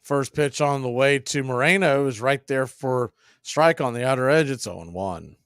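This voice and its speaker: Dry, steady baseball play-by-play man. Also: moderate pace, smooth, no echo. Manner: steady, wry calling of pitches. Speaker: play-by-play announcer. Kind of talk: radio play-by-play commentary.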